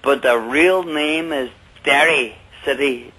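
A man in his forties with a Northern Irish accent, calling in to a radio talk show and speaking earnestly, with some halting pauses. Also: medium pitch, a bit bright, slightly rough. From Northern Ireland. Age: 40s. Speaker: caller. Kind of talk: radio call-in chat. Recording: phone line on radio.

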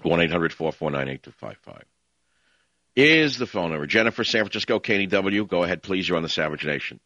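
A man's voice: deep voice, lively intonation, fairly quick, sharp tone, no echo. A man hosting a call-in talk radio show, ranting in a combative, scornful way over dull lo-fi broadcast audio.

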